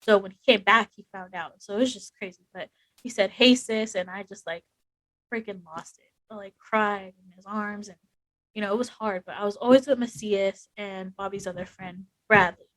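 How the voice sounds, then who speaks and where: A young woman speaks candidly as a podcast guest, her voice sitting at an ordinary middle pitch. She talks frankly and emotionally, with plenty of "like" fillers. The recording is dry and close. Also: steady tone, normal speed, fairly bright tone, no room sound, low-quality recording. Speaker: podcast guest, Army veteran. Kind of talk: candid conversational storytelling.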